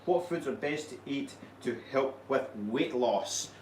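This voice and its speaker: A man's voice: medium pitch, unhurried. A Scottish man who coaches fitness and co-hosts a live stream, chatting casually and joking with his co-host. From Scotland. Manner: relaxed, joking, laughs often. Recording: echoey room, mic at a distance, faint noise.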